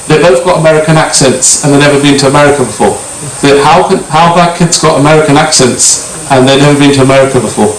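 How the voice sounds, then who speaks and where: A man's voice: on the high side, fast talker, few pauses. British man giving a casual sermon. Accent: British English. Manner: conversational, frequent restarts and throat clearing. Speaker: speaker giving a talk at a gurdwara. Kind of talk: informal sermon. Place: large prayer hall. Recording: echoey hall, distant mic, faint hiss.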